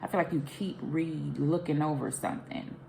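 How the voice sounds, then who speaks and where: A woman's voice: sits low, fairly even intonation, moderate pace, vocal fry, dark tone, slight background noise. A woman gives a casual, rambling tarot reading, thinking aloud and questioning herself as she goes. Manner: rambling, intuitive, self-questioning. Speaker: tarot reader.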